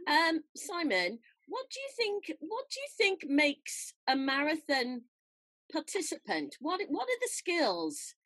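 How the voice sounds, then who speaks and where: A woman with a high, very lively voice asks eager questions, her pitch swooping up and down. She is a casual interviewer in a chat. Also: slow. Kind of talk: casual conversation.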